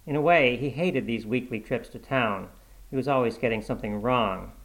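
A man's voice: medium pitch, moderate pace, a bit bright, rough recording. Man reading a short story aloud. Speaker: narrator.

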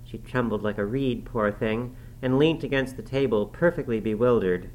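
A man reading a classic novel aloud in a measured, formal narrating manner. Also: medium pitch, low-quality recording. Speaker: audiobook narrator.

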